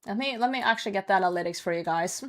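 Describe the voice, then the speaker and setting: A woman's voice: mid-range voice, rapid-fire, fairly bright tone. A young woman streamer chatting casually with her chat while gaming, laughing often and swearing now and then. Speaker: live streamer.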